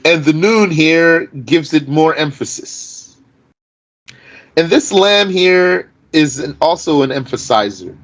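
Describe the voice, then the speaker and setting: A man teaching an informal Arabic grammar lesson in a slightly high voice. He talks slowly and deliberately, reciting a line of Arabic and then explaining it piece by piece in English. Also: expressive, a bit bright, poor audio.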